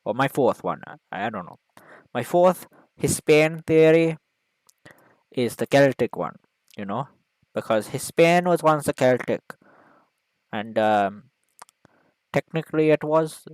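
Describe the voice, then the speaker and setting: A man giving a mock lecture in a video, rambling and hesitant, full of fillers, deadpan, with broken grammar. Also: on the high side, unhurried, long pauses, no echo, rough recording. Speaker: video maker.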